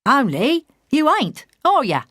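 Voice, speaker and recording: A woman's voice: high voice, huge pitch swings, slow, fairly bright tone, dry recording, studio quality, pitched above the performer's own voice, exaggerated voice. A woman voicing a cheeky, skinny young man with a Cockney accent, cocky and full of slang.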